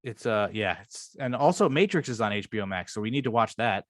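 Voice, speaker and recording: A man's voice: on the low side, lively intonation, a little fast, no room sound, clean studio sound. A man co-hosting a podcast, chatting casually and enthusiastically about a favorite comedy show, swearing freely and rambling. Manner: rambling, profane, enthusiastic retelling. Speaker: podcast co-host. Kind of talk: casual chat.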